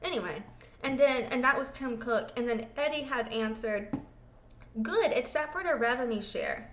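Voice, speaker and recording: Woman host, high voice, echoey room, irreverent, swears, reads legal exhibits casually. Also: expressive, normal speed, highs cut off, noisy background. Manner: irreverent, swears freely, self-mocking. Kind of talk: casual commentary reading court documents.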